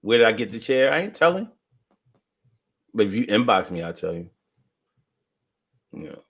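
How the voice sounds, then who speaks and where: With a husky voice at normal speed, a man hosts an easygoing live stream, going through viewer comments. His replies are playful, profane, and animated, alternating between loud outbursts and low mutters.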